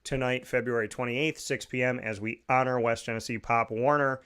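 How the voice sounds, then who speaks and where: A man's voice: mid-range voice, fairly even intonation, normal speed, fairly bright tone, smooth. A man hosting his own radio and podcast show in a studio, talking with upbeat enthusiasm and rattling off plugs and lists. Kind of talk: energetic show talk and sponsor plugs.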